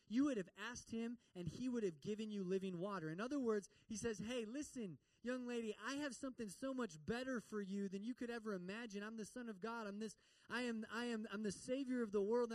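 A man's voice: sits high, a little mellow, dry recording, recorded from a distance, rough recording. A man preaching a sermon in a church, telling a story and acting out the voices of its people. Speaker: pastor.

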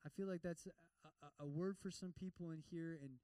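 Preacher guy, pretty high voice, animated, stumbles and repeats words, dry sound. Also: a little fast, clear, resonant tone, dry recording, far from the mic, poor audio. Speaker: pastor. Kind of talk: sermon.

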